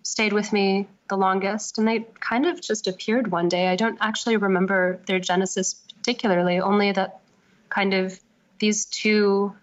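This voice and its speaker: In a slightly dull, lo-fi recording, a female novelist guest muses out loud during an interview, relaxed and halting with lots of fillers. She speaks at a moderate pace in a medium pitch with fairly even intonation.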